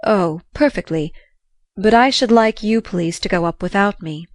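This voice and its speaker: A woman voicing a quiet, shy, wistful aging father who speaks slowly, softly and hesitantly, read in a dry, close sound for a storybook. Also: mid-range voice, no echo, natural voice. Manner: slow, soft and hesitant.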